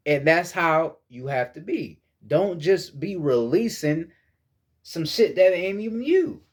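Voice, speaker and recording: A young man lectures on meditation in a loose, profane, preachy way, circling back over his own words as he goes. His voice sits high and jumps around a lot. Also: animated, slow. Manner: repeats words while searching for phrasing. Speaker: spiritual teacher. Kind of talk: casual spoken lesson on meditation.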